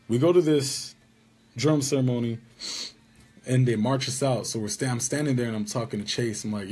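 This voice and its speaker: Husky man telling a story indignantly. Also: medium pitch, brisk, darkish tone. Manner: indignant, rambling recounting. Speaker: vlogger. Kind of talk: casual storytelling.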